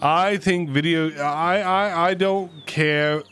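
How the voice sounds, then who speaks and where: A man's voice: fairly high pitch, steady tone, slow pace, a bit bright. A man hosting a casual livestream, joking and ranting at his chat. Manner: joking, rants and teases chat. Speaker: streamer host.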